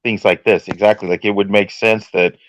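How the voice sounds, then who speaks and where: A man's voice: fairly low pitch, steady tone, fairly quick, low-quality recording. A man co-hosting a casual podcast chat, speaking emphatically as he agrees with a point. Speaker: podcast co-host.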